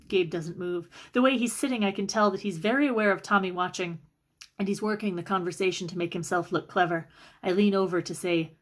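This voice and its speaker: A woman reading a first-person novel aloud for a library book club, narrating in a steady way. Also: mid-range voice, normal speed. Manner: steady first-person narration, rising sharply in quoted arguments.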